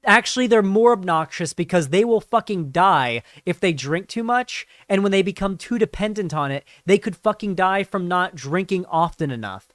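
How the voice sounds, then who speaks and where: Rambling, smooth-voiced male streamer. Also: high-pitched, expressive, normal speed, hardly any pauses, fairly bright tone, no room sound, clean studio sound. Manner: rambling, profane, lots of fillers. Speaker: streamer and political commentator. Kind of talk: casual live-stream commentary.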